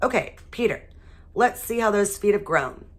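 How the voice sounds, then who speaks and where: A woman's voice: medium pitch, lively intonation, normal speed, voice pushed up, natural voice. A woman voicing a patient, cheerful male shoe salesman.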